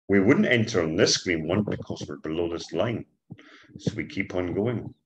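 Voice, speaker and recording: A man teaching a trading setup on screen, talking like a hyped salesman who keeps calling out to "ladies and gentlemen". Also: low-pitched, normal speed, poor audio. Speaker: trading instructor. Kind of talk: screen-share trading walkthrough. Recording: music bed behind voice.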